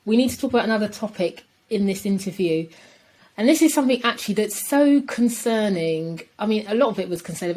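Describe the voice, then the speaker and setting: A woman co-hosting a podcast in casual chat, animated and emphatic. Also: mid-range voice. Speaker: podcast co-host.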